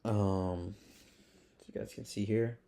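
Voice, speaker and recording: A man's voice: lowish voice, fairly even intonation, slow, dark tone. A young man talking straight to his viewers in a casual vlog, rambling and earnest, full of fillers and calling them "guys" and "man". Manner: calls the audience "guys" and "man". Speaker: trading vlogger.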